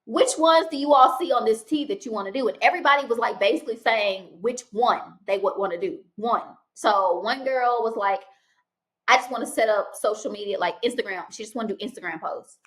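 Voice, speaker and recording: A woman's voice: on the high side, fairly quick. Chatty woman telling a story. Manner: animated, chatty, with quoted dialogue and restarts. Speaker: vlogger. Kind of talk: casual storytelling vlog.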